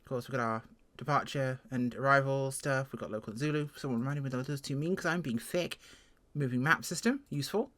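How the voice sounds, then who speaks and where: A speaker with an English accent doing a casual first-look review of a flight sim plane, chatty and self-deprecating, with sudden jumps in pitch. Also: fairly quick, a bit bright. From England.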